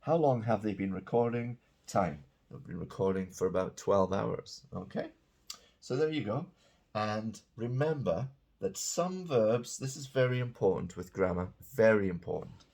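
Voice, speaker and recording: A man with a fairly low, gravelly, slightly mellow voice teaches English grammar in an animated but unhurried way. He patiently explains example sentences and checks in with "okay?"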